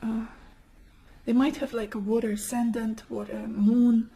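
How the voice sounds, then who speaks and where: A woman giving a gentle, emotive tarot card reading, whose first language is not English and who often drops into a near whisper. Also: fairly high pitch, little pitch movement, measured pace, vocal fry, poor audio. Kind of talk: soft-spoken pick-a-card tarot reading.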